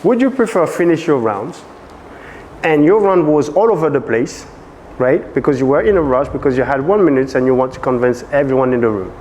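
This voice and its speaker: French-accented male dance coach, lively workshop teaching, reverberant room. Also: medium pitch, fairly quick, slight background noise. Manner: animated, asks frequent check questions.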